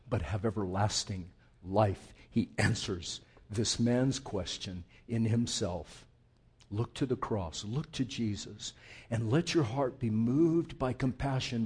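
A male pastor delivers an impassioned sermon, piling up rhetorical questions and swelling into loud, high outbursts. His voice has a husky, slightly breathy edge and sits at an ordinary middle pitch for a man.

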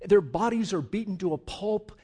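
A man's voice: high-pitched, moderate pace, warm tone, slightly rough. An older man, a pastor, preaching a sermon in an emphatic, conversational way with casual asides.

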